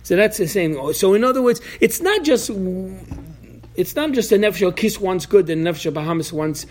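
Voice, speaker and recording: A man's voice: high voice, lively intonation, normal speed. A man giving an informal Torah class, talking animatedly, acting out voices from the story, and often restarting his sentences. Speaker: Torah teacher.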